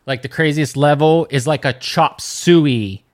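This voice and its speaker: A man's voice: a little high, a little slow. A man co-hosting a podcast, trading playful jokes in casual chat. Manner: joking, playful banter. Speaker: podcast co-host.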